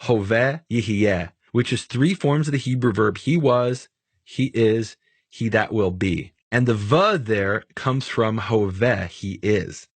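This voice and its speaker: Emphatic husky man teaching. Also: medium pitch, no echo. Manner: emphatic, dismissive of bad arguments. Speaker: host. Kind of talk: casual teaching conversation.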